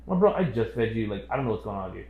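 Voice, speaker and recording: Brief: young male podcast co-host, rapid talker, animated, echoey room. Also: on the low side, creaky, phone-quality sound. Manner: animated storyteller, acts out quotes loudly. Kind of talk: casual chat.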